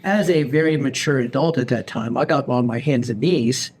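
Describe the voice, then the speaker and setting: A man's voice: medium pitch, moderate pace, breathy edge. A man, a podcast host telling a long story in casual chat and acting out the lines he quotes. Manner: animated storyteller, acts out his own quoted lines. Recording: faint background noise.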